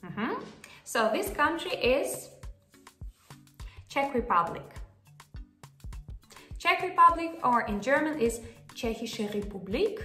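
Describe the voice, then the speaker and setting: A woman hosting a casual video language lesson, chatty and often checking in with the viewer with a quick "yeah?". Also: sits high, very animated. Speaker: language teacher and channel host. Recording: echoey room. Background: soft background music.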